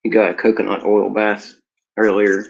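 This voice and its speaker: A man casually vlogging at home, rambling in a relaxed way about his dog. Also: moderate pace, creaky. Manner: sing-song, playful chanting with big pitch jumps; talks to his dog in a coaxing voice. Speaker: cannabis vlogger. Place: home room. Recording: dull lo-fi home recording.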